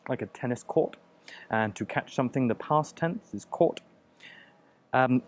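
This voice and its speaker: A man's voice: mid-range voice, lively intonation, measured pace. A man teaching a pronunciation lesson, explaining patiently with examples and frequent fillers. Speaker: English teacher.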